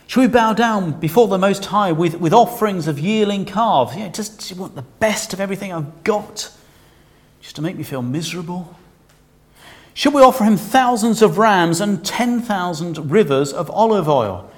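A stroppy, sarcastic teenager whining in a raised, higher voice, as a male preacher puts it on. Every line drips with exasperation and complaint, like a sulky child arguing from a witness stand.

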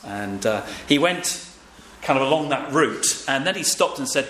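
An older preacher gives a casual, conversational sermon, using fillers and often prompting his listeners to respond. His mid-range voice is expressive and a bit bright, at a normal speed, recorded in an echoey room with faint ambient noise.

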